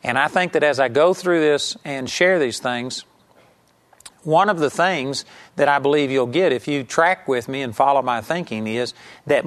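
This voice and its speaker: A man preaching a sermon, teaching earnestly and emphatically, and sometimes acting out the people in his story. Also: mid-range voice.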